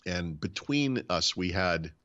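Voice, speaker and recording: A man's voice: deep voice, slow pace, muffled recording. A man hosting a podcast, casually telling a story and acting out the people in it. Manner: animated storyteller, acts out quoted dialogue. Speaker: podcast host.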